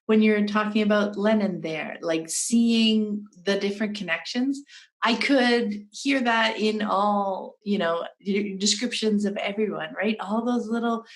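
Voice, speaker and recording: A woman hosts a podcast interview in a medium-pitched voice. She answers her guest warmly and affirms what she hears. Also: unhurried. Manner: warm, affirming. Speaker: podcast host.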